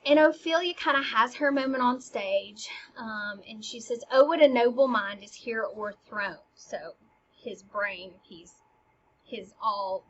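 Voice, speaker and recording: A woman casually explaining a play scene by scene. Her delivery is animated and swings between emphatic and hushed. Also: fairly high pitch, dull audio.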